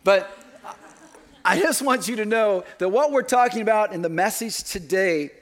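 A man's voice: high voice, animated, normal speed, fairly bright tone. A middle-aged man preaching a sermon as pastor in a church, talking conversationally with joking asides. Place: church sanctuary.

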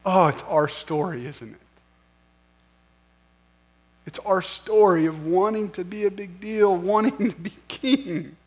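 A man's voice: sits high, takes it slowly, pauses often. A man preaching a sermon as pastor, conversational and self-deprecating, often asking the listeners questions.

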